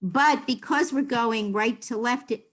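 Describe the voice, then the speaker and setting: A woman's voice: on the high side, unhurried, fairly bright tone. A woman teaching a beginners' Hebrew class over a video call, explaining patiently.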